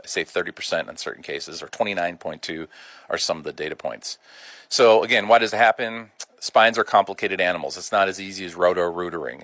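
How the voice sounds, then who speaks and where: Middle-aged man, doctor hosting a radio show, very low voice, dry close studio sound, folksy. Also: a bit bright, dry recording. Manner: folksy and conversational, with colloquial asides. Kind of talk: informal health talk.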